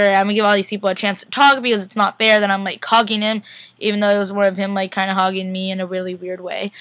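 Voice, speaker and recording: A young woman from Northern California chats her way through a rambling convention recap vlog as a fan, packed with "like" and quoted back-and-forth. Her voice is medium-pitched with a fairly bright tone, and there's no echo.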